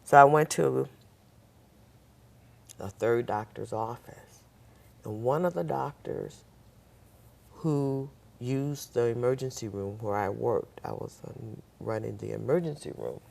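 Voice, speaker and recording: A woman's voice: very deep voice, vocal fry, darkish tone, breathy edge. An older woman, a guest on a talk show, telling a personal story and acting out the voices of the people in it.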